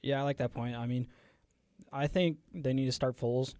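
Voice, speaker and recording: A man gives calm, reasoned takes in a casual sports chat. His voice is mellow and dark. The recording is dry and close. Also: medium pitch, moderate pace, no room sound.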